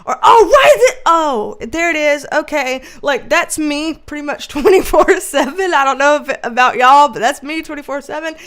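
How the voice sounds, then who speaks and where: A woman hosting a casual livestream, reading chat aloud, loud and animated, laughing and swearing often. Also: high voice, moderate pace, few pauses.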